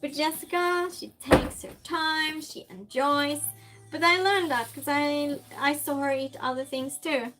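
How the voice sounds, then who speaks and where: A high-pitched, slightly bright woman cooks while streaming, chatting casually at a measured pace over soft background music. She reads viewer comments aloud, answers them, laughs often, and teases her chat.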